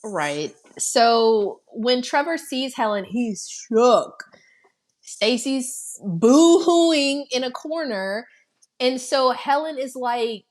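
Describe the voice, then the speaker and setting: A woman with a slightly high voice, co-hosting a podcast and walking listeners through a film plot. She talks casually, swears freely and slips into the characters' voices to act out their lines. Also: unhurried. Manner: animated storytelling, swearing, acting out characters' lines. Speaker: podcast co-host. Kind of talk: casual movie recap chat.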